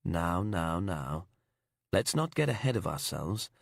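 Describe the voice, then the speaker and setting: Man voicing a sinister prisoner, fake English accent slipping to Aberdonian, low, slow, smug, dry close sound. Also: very animated, gravelly, dry recording, exaggerated voice. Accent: put-on English slipping into Aberdonian. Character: creepy male killer prisoner, slithery and childish.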